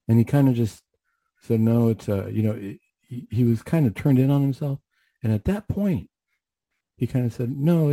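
A man's voice: lowish voice, warm tone, slightly rough, no room sound. A middle-aged man telling a personal story on a radio show in an earnest way, often repeating words and quoting his own past dialogue. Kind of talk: storytelling talk.

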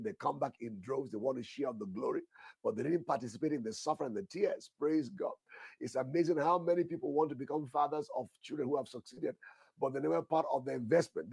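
A man's voice: medium pitch, vocal fry, a little mellow, husky, dry recording, studio quality. A man preaching a sermon, emphatic, repeating his phrases and asking the listeners questions, with bursts of prayer in tongues.

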